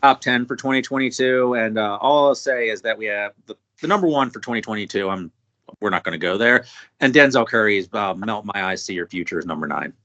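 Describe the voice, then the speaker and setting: A man's voice: on the low side, brisk, sharp tone, lo-fi sound. A man hosting a podcast in casual chat, wry and joking. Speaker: podcast host.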